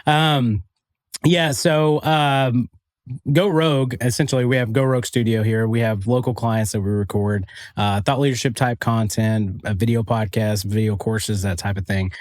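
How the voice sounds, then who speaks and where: A man from Arkansas with a Southern accent, a podcast guest explaining his work in an earnest, steady way with frequent ums. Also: mid-range voice, moderate pace, no room sound, studio quality. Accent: Southern American. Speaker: podcast guest, studio owner. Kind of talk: casual interview chat.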